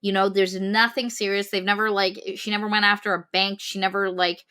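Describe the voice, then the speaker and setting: Bright, animated woman podcast co-host. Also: mid-range voice, brisk, clean tone. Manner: animated, exasperated critique. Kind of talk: casual book-review chat.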